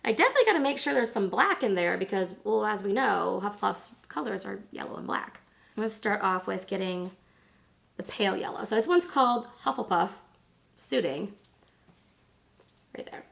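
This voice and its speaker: A woman in her thirties, hoarse from laryngitis, chatting casually and rambling through a makeup tutorial. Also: mid-range voice, expressive, normal speed, fairly bright tone. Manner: chatty, rambling, lots of fillers. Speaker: beauty vlogger.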